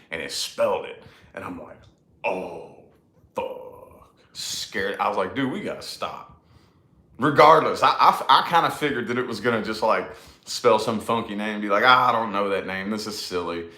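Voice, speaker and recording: A man's voice: on the low side, pushed and bright, echoey room. A man casually telling a personal story in a rambling, emphatic way, with lots of swearing and repeated phrases. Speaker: podcast co-host.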